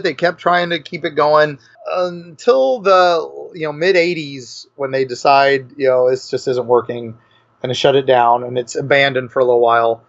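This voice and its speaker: A man's voice: medium pitch, fairly bright tone. A man, a guest author, telling a rambling, enthusiastic story in a casual podcast chat. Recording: lo-fi dull podcast audio.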